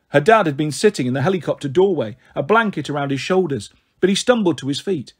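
Husky guy reading a novel out loud, steady, kinda high voice. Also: fast talker, few pauses. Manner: steady storytelling with character voices. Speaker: audiobook reader.

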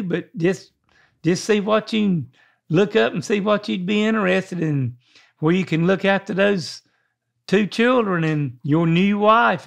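A man's voice: sits high, vocal fry. An older man with a thick Southern accent, hosting a podcast in folksy casual chat and repeating words as he thinks. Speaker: podcast host.

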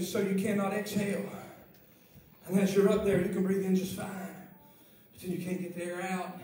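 A male pastor preaching a sermon with impassioned intensity, often shouting and repeating phrases. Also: high-pitched. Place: church sanctuary. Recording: echoey church from far off.

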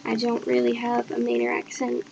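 Young woman from Maine, slightly high and gravelly, unhurried, casual hesitant vlogger over faint noise. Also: completely flat delivery, darkish tone, lo-fi sound. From Southern Maine, United States. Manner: reads questions aloud then answers offhand, hesitant with fillers. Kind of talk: casual accent-challenge video.

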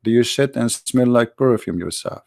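A man's voice: mid-range voice, moderate pace, vocal fry, a little mellow, no room sound, studio quality. A man hosting a heated call-in debate, insistent and sarcastic, pressing with repeated questions and cutting in. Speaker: debate host.

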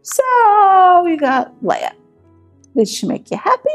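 A woman's voice: very high voice, huge pitch swings, slow pace, soft background music, pitched above the performer's own voice, full character voice. A woman voicing a crafty older man, a father-in-law who brushes things off in a shrugging, wheedling way. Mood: sly.

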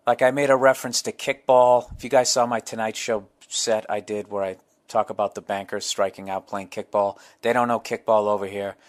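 A man's voice: lowish voice, flat delivery, a little fast. A middle-aged man, hosting a solo podcast, telling profane, rambling comic stories. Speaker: podcast host.

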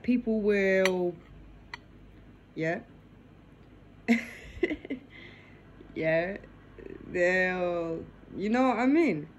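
A woman with a fairly low voice vlogs casually to camera while eating dinner in her living room, her phone resting in her lap. She ends almost every phrase with "yeah?". The recording is low quality, with a little hiss or hum.

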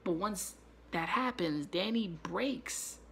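A man hosting his own channel, giving a loose, profane and excitable spoiler recap with quick asides. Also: high-pitched, creaky, slight background noise. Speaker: YouTube show reviewer.

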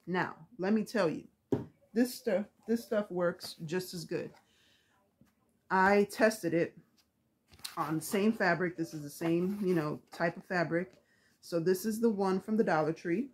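A woman's voice: on the low side, unhurried, a little hiss or hum. A woman vlogger chatting casually about craft supplies, rambling with lots of fillers, with the hiccups.

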